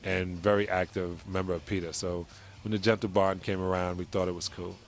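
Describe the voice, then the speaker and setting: A middle-aged man giving a casual interview at an event, chatty and quick to laugh, telling stories with quoted voices. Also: low voice, level tone, slight background noise. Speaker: interview guest.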